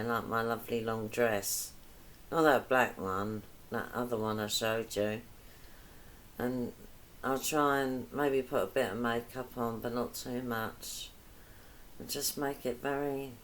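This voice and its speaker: A woman's voice: rumbling low, a little hiss or hum. A woman cooking vlogger chatting casually while she cooks, wandering between topics with self-deprecating asides.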